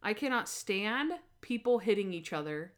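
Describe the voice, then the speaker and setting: A woman's voice: medium pitch, normal speed. A woman co-hosting a casual podcast, reviewing a TV episode with lots of fillers and acted-out quotes. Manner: animated, acts out quotes, many fillers. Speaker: podcast co-host.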